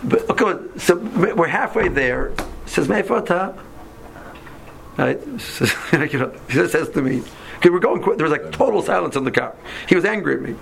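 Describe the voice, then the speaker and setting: A man with a strongly gravelly, creaky voice that sits a little high for a man. He tells a story to his class with animation, acting out each voice, and he often stops and restarts his sentences. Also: normal speed, a little hiss or hum. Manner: animated, acts out dialogue, frequent restarts. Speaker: Torah teacher.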